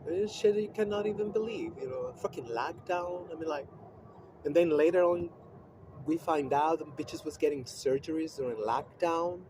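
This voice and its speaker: A man speaking in a loose, rambling monologue with a steady stream of fillers and swearing. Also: on the high side, moderate pace, a little hiss or hum. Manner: rambling, profane, with frequent fillers and laughs. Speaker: vlogger. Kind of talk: casual monologue.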